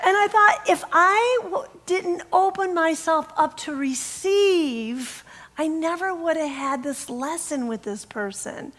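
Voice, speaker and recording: A middle-aged woman minister giving a casual storytelling sermon, animated and laughing as she acts out dialogue. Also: high-pitched, takes it slowly, slight background noise.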